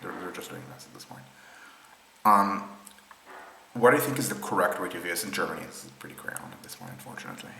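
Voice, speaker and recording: Deep-voiced man explaining maps in an echoey room. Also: wildly swooping pitch, fast, creaky, long pauses, bright, forceful tone, slight background noise. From Israel. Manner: thinks aloud with many ums and restarts. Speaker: presenter explaining rail maps. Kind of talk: unscripted screen-share explainer. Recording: roomy echo with faint ambience.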